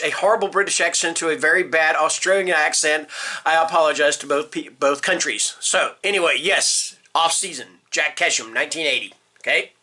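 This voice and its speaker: Folksy rambling older man, bright voice. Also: on the high side. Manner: rambling, folksy, frequent fillers. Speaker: booktube host. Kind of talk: casual book tag chat.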